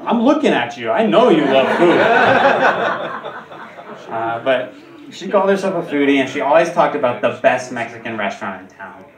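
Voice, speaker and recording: A man's voice: sing-song, normal speed, a crowd in the background. Stand-up comic man in a roomy club. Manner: jumps high and loud on punchlines. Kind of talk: stand-up routine. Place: comedy club stage. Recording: roomy and distant. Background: audience laughter.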